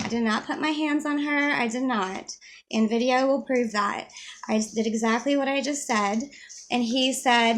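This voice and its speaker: A woman's voice: on the high side, normal speed, fairly bright tone, slight background noise. A mother telling an upsetting personal story to the camera in a rambling, casual way, with many fillers and restarts.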